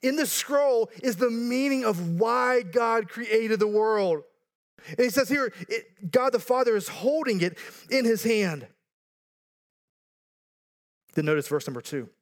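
High-voiced man preaching a sermon. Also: animated, measured pace, long pauses. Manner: earnest preaching, building to emphatic repeated lines, joking asides. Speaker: pastor.

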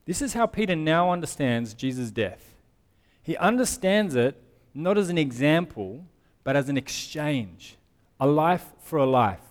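A man's voice: on the high side, sing-song, unhurried. A man with a slightly raised voice preaches to a congregation, reading scripture aloud and unpacking it in plain, conversational terms. His words ring out through a church hall with a long reverb tail. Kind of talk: sermon.

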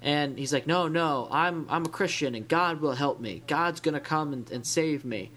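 A man's voice: fairly high pitch, moderate pace, fairly bright tone. A man co-hosting a podcast in casual discussion, talking in a thoughtful, rambling way with many restarts. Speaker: podcast co-host.

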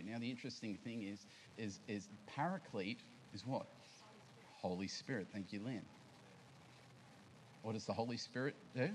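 A man's voice: medium pitch, lively intonation, normal speed, slight background noise, rough recording. Conversational man preaching. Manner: conversational preaching with questions to the congregation. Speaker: pastor. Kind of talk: sermon. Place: church service.

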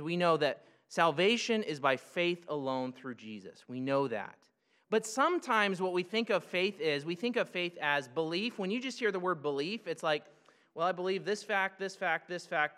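A man preaching an expository sermon, teaching in a conversational, animated way with rhetorical asides. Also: high voice. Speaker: pastor.

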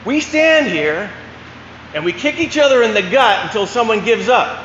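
A man's voice: high voice, lively intonation, moderate pace, a bit bright, lo-fi sound, a little hiss or hum. A man voicing a stubborn old farmer with a Maine accent, drawling and dryly teasing, in an echoey church hall. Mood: sly.

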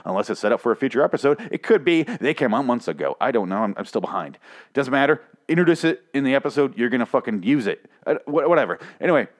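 A man reviewing a TV episode in a fast, profane, exasperated rant that rambles from point to point. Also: medium pitch, lively intonation. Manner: speaks quickly.

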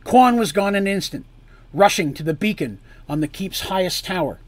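A man reading a fantasy story aloud with drama, his voice sinking low and quiet on grim lines and lifting louder on tense ones. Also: expressive, normal speed, dry recording.

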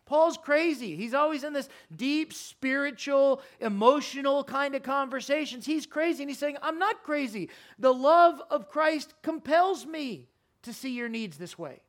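A pastor delivering a sermon to his congregation in a church sanctuary. His voice swings from fervent, raised urgency down to a low, hushed intensity. He uses a wide, lively range of pitch and loudness. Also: unhurried. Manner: impassioned, rising and falling, drops to a quiet earnest plea.

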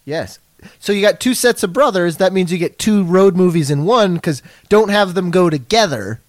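A man co-hosting a podcast in casual chat, tossing out quick wisecracks and laughing often. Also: sits high, expressive, no echo. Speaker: podcast co-host.

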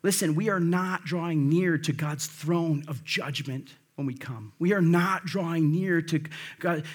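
A man's voice: on the high side, a little slow, slightly rough. A man preaching a conversational sermon, emphatic and full of rhetorical questions to the congregation. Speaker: pastor.

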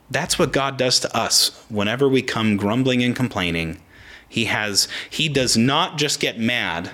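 A man in his thirties preaching a sermon, animated and chatty, often acting out the voices of people in the story. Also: medium pitch, unhurried. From Oregon, United States. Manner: animated, acts out voices in quotes. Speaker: pastor.

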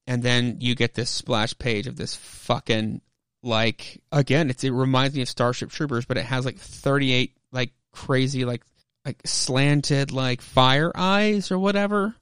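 A man's voice: mid-range voice, steady tone, measured pace, a bit bright, smooth, no echo. A man hosting a podcast, casually recapping a comic book in a rambling way with lots of fillers and swearing. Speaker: podcast host.

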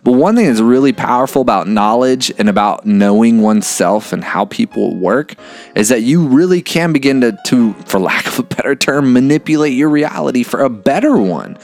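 A man's voice: mid-range voice, animated, moderate pace, darkish tone, faint music behind. A man hosting a podcast, musing earnestly in a casual, reflective monologue, swearing freely and often saying "man". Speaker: podcast host.

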